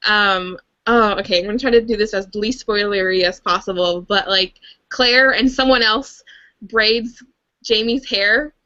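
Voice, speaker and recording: Young woman, livestream host, casual chat, rambling with fillers, bright voice, dull lo-fi computer mic. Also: mid-range voice, measured pace, no room sound. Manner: rambling, many fillers and restarts. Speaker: host of a live book and TV fan stream.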